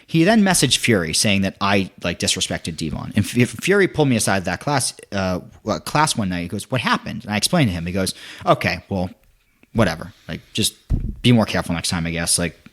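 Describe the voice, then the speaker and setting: A young man telling a story in casual podcast chat, animated, acting out quotes with many restarts. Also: on the low side, fairly quick.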